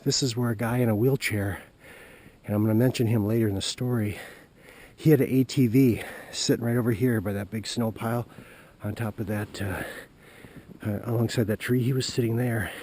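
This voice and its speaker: A man telling a hunting story as he walks a forest trail at dusk, recorded on a handheld camera, halting and folksy with lots of fillers. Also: medium pitch, fairly even intonation, a little mellow, low-quality recording. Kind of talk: rambling walk-and-talk vlog. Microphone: handheld camera while walking.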